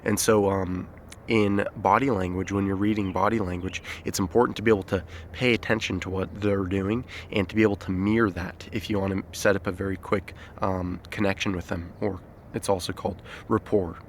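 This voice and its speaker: Fairly quick and steady, a low-voiced man records an off-the-cuff outdoor explainer on his handheld phone amid some faint background noise. His self-help talk is loose, with plenty of fillers and false starts.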